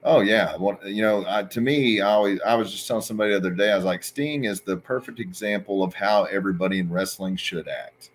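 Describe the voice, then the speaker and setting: A man's voice: lowish voice, quick pace, few pauses, a little hiss or hum. A man hosting a casual interview, chatty, laughing easily and prompting his guest for stories. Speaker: host.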